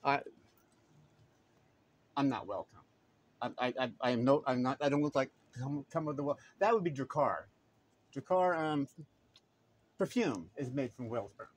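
In this clip, a vlogger stands at a shop counter recording on his phone, his medium-pitched voice expressive and moving at a normal pace with long pauses. It's a loose running commentary, full of rambling, stammering and dry humor.

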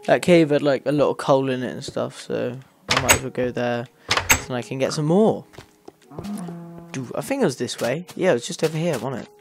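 A man's voice: medium pitch, brisk, gravelly, music in the background. A man hosting a gaming channel, casually commenting on his gameplay in a rambling way and talking straight to his viewers. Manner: rambling, talks to viewers while playing.

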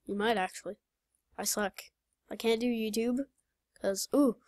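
A young woman chatting casually while playing a game, excitable, blurting out reactions and laughing. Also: on the high side, a little slow, no echo, clean studio sound. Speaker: gamer. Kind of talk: casual gaming chat.

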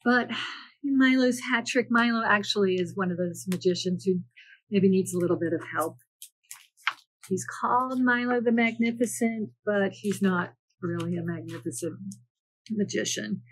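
A woman children's librarian reads picture books aloud in a gentle, storytelling way, adding playful asides. Her voice has a slightly husky, breathy edge. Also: medium pitch, moderate pace, low-quality recording.

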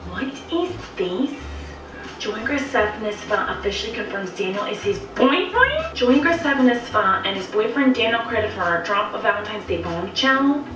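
A woman's voice: mid-range voice, sing-song, normal speed, distant mic, natural voice. A woman playing a self-obsessed, whiny female vlogger character in a nasal voice. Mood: boastful. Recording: video audio played in an echoey room from afar, with music.

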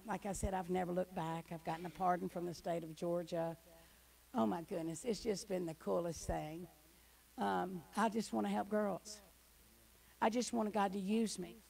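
A middle-aged woman, a guest speaker giving an emotional church testimony that swings from hushed to loud. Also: mid-range voice, gravelly, rough recording. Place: church hall.

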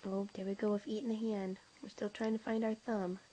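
A woman's voice: medium pitch, level tone, a little fast, warm tone, a little hiss or hum. A young mother at home, cooing teasing sing-song baby talk to her infant while filming on a handheld camera. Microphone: handheld camera mic.

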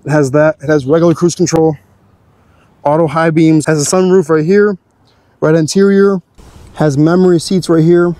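A man's voice: fairly high pitch, steady tone, normal speed, long pauses, mellow, no room sound. A young man hosting a car channel, giving an easygoing, chatty walkthrough of his car's features.

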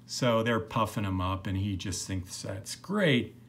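Slow-talking middle-aged male teacher. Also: on the low side, gravelly. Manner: relaxed, rambling, many fillers. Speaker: literature teacher. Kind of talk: recorded lecture.

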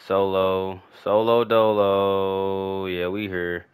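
A young man commentating his own football video game as he plays, slangy and swearing, often shouting with excitement. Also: sits low, slow, hardly any pauses, smooth. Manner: trash-talking, swearing, hyped shouts; slangy, repetitive casual speech. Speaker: gaming YouTuber. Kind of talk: live gameplay commentary.

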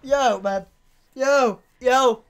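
A woman giving live reaction commentary, excitable, swearing and constantly exclaiming. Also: high-pitched, extremely slow, smooth. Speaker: anime reaction host.

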